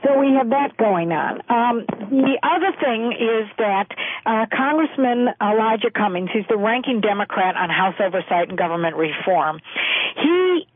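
A woman's voice: fairly high pitch, animated. Chatty woman on a tinny phone line. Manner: brisk, chatty, emphatic. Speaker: news correspondent on the phone. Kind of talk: phoned-in news chat.

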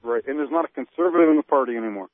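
A man's voice: fairly high pitch, racing, no room sound. A man on a talk radio show, ranting with animation and firing off rhetorical questions. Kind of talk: political talk radio rant. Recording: dry, tinny phone-line audio.

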